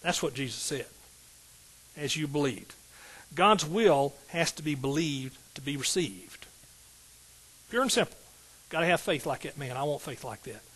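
A middle-aged pastor preaches a sermon from the pulpit, his voice a little high for a man, a bit bright, and edged with breath. He speaks at normal speed but drives his points hard, calling out to the congregation in call-and-response style and swelling into sudden outbursts. The recording is rough.

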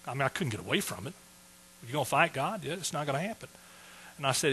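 A man's voice: mid-range voice, fast talker, pauses often, sharp tone, a little hiss or hum, low-quality recording. A man preaching a personal testimony in a folksy, emotional way, close to tears. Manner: folksy, emotional storytelling with fillers. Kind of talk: sermon testimony.

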